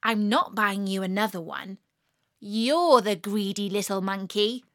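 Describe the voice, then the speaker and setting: A woman's voice: mid-range voice, a bit bright, no echo, studio quality, close to an everyday voice. A woman doing a stern scolding mum. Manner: scolding, slow and firm. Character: stern, dismissive mother. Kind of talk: storybook reading.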